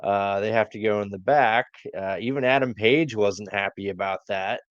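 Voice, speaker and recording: A man's voice: lowish voice, normal speed, clear, resonant tone, no room sound. A man co-hosting a wrestling podcast, recapping matches in a laid-back way with many fillers. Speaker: podcast co-host. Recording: dull lo-fi dry sound.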